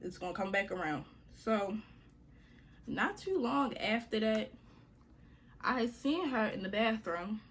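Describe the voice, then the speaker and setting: A woman's voice: mid-range voice, lively intonation, unhurried, long pauses, a little hiss or hum. Young woman doing a storytime vlog, slangy and chatty, talks right to her viewers, medium voice. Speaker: storytime vlogger.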